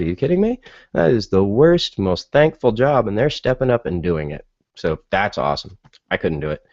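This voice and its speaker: A man's voice: lowish voice, no room sound, lo-fi sound. A man hosting a casual opinion monologue, exasperated and full of incredulous rhetorical questions and fillers. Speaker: podcast host.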